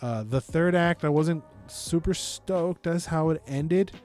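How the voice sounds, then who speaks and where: A man co-hosting a casual podcast, his voice sitting a little high but mellow and warm in tone. He talks in a profane, emphatic way, with faint music in the background. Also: slow. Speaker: podcast co-host. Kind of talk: casual chat.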